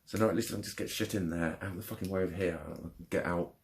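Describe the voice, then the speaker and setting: A young man with a fairly low voice rants into his camera about a bad phone call. He swears constantly, sounds fed up and exasperated, and speeds up or drags out words as his anger rises and falls. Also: fairly even intonation, very fast, slight background noise. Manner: angry, frustrated, heavy swearing. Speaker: vlogger. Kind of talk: ranting vlog.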